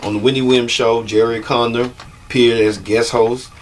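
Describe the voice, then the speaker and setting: A man's voice: mid-range voice, level tone, normal speed, slight background noise. A man hosting a show, giving loose, chatty commentary and laughing often. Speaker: host. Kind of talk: casual commentary.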